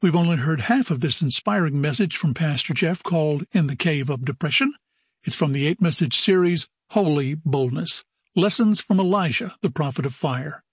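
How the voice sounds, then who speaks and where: A man hosting a religious radio program, reading scripted announcements in a measured announcer manner. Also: on the high side, lively intonation, breathy edge, no room sound, studio quality.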